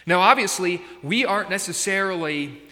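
A pastor with a high, expressive voice preaches a sermon at normal speed, his tone pushed and bright with a big-room sound. He speaks conversationally and often checks in with his listeners.

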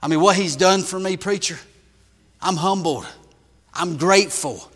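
A man preaching a sermon in a church, shifting from loud emphatic bursts to hushed lines. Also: high-pitched, unhurried, in a large hall. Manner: emphatic preaching with big swings in volume.

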